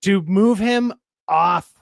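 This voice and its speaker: A man's voice: high voice, slow pace, creaky, crowd noise. A man in a casual livestream debate, arguing and teasing, with plenty of swearing.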